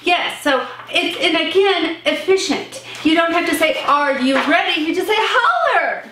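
A woman's voice: extremely high pitch, normal speed, a bit bright. A woman from Central Texas with a Texan accent, playfully explaining sayings in casual chat. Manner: playful, explains each phrase. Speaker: vlog host. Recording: echoey room, mic at a distance.

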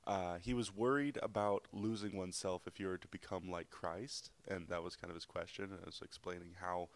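A man in a church Bible class earnestly asking the teacher a question in a measured way. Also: low-pitched, steady tone.

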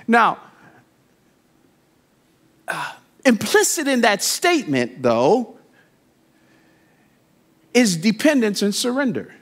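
Animated, high-pitched preacher man. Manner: builds from quiet, slow reflection to high, emphatic declarations; slows down to stress key words, with wry asides. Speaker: guest preacher. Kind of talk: sermon. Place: church sanctuary.

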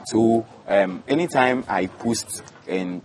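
A young man from Ghana in his twenties, a student catfish farmer giving plain, halting answers with fillers in an interview. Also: lowish voice, darkish tone, slight background noise. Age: 20s.

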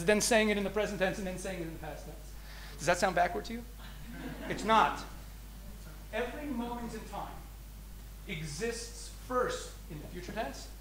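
A man whose voice sits high teaches an audience as a rabbi, with a little hiss or hum in the audio. He explains his points, shifting between emphatic and soft tones and slowing on key phrases.

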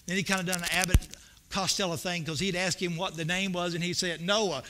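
High, bright-voiced folksy preacher man. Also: flat delivery, fast. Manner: folksy, storytelling preacher with rising emphatic bursts. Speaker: pastor. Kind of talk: sermon. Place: church sanctuary.

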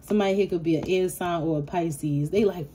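Profane, animated woman reading tarot. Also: lowish voice, fairly quick, a little hiss or hum. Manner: animated, profane, laughing asides. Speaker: tarot reader. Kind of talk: casual tarot reading to camera.

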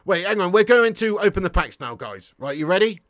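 A young man casually chatting on a game live stream, jokey and quick to laugh. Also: high voice, very animated, a bit bright, no room sound, clean studio sound.

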